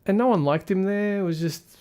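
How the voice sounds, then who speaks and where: Rambling man reviewing a film, higher voice. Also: brisk, mellow. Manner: rambling, critical, thinking aloud. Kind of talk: casual spoken film review.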